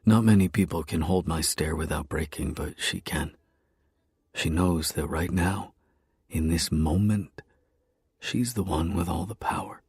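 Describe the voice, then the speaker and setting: A man narrating a romance story in the first person, with a low, brooding, intense delivery. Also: a little slow, a little mellow, breathy edge, dry recording, studio quality.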